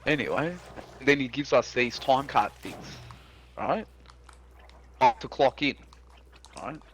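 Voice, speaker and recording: A man's voice: mid-range voice, animated, slow pace. A young Australian man streaming, telling a blunt, profanity-heavy story about his work day. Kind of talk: casual storytelling.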